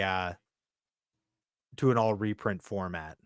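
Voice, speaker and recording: A man's voice: mid-range voice, very animated, measured pace, pauses often, fairly bright tone, clean tone, no echo, studio quality. A man co-hosting a podcast in casual chat, laid-back and laughing often.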